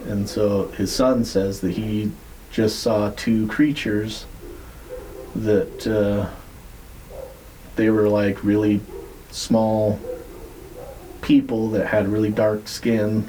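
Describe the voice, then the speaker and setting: A man with a lowish, mellow voice recounts a story in loose podcast chat. He rambles, swears casually and leans on "like" and "uh" as he goes. A faint hiss sits under the voice. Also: flat delivery, slow pace, low-quality recording. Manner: rambling, profane, many fillers. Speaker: podcast co-host.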